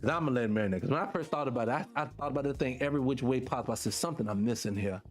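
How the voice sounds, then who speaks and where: A man's voice: very fast, soft background music. A middle-aged man hosting a radio show, talking casually to listeners with lots of rhetorical questions. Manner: animated, rhetorical questions, pitch jumps when excited.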